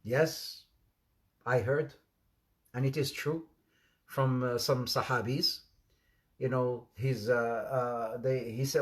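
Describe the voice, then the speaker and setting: A man giving an informal sermon, telling anecdotes in an animated way with laughter and repetition. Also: medium pitch, slow, long pauses. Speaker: Islamic preacher.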